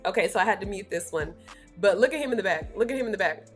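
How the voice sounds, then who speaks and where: A woman's voice: mid-range voice, lively intonation, quick pace, faint music behind. A woman doing reaction commentary on clips, blunt, exclaiming and profane.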